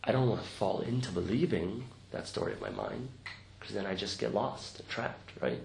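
Gravelly man giving a reflective talk. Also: on the low side, moderate pace, a little mellow. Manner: reflective, conversational, tags many sentences with "right?". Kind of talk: informal dharma talk to a group. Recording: roomy recording with faint noise.

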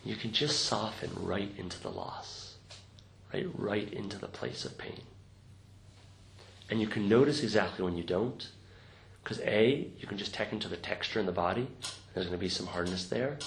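A man with a lowish, gravelly voice and a moderate pace teaches meditation in an informal, reflective talk to a group. He often checks in by tagging sentences with "right?" The recording is roomy and has faint noise.

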